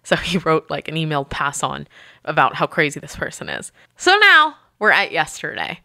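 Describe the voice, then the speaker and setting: A hotel manager telling work stories in a casual, lively way, often acting out the people she quotes. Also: sits low, normal speed, vocal fry, no echo, clean studio sound. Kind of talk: casual podcast storytelling.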